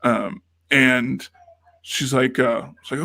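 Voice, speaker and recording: A man's voice: medium pitch, a little slow, creaky, fairly bright tone, no echo, clean studio sound. A man co-hosting a podcast in casual chat, telling a rambling story and acting out the quoted lines of the people in it. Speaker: podcast co-host.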